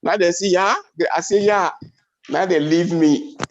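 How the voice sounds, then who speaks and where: High-voiced Nigerian Pidgin comedian. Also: male voice, moderate pace, highs cut off. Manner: animated storytelling, big pitch swings. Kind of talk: stand-up comedy.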